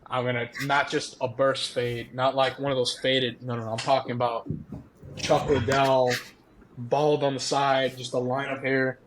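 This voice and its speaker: A young man, a former college ballplayer, telling stories as a podcast guest in a casual, animated way, laughing often and acting out quotes. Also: medium pitch, moderate pace, noisy background. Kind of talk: casual storytelling.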